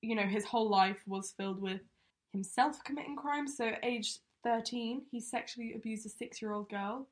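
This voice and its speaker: A woman's voice: a little high, moderate pace. Chatty woman hosting a true-crime podcast. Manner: chatty, many fillers like um and you know. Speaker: podcast co-host presenting the case.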